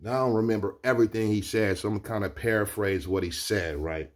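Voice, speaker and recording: Low-voiced man telling a story casually. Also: quick pace. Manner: loose and conversational, keeps asking "you know what I'm saying". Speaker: vlogger.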